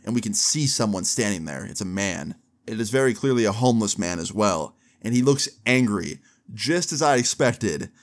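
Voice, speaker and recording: A young man telling a story to camera in a casual, animated way, with slang and swearing, acting out what other people said. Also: fairly low pitch. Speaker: storyteller vlogger.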